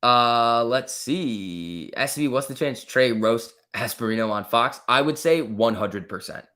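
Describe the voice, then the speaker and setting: A man's medium-pitched voice sounds animated, bright and forceful, though his pace stays measured. While hosting a casual live stream, he reads viewer comments out loud and answers them in a joking, lightly teasing way.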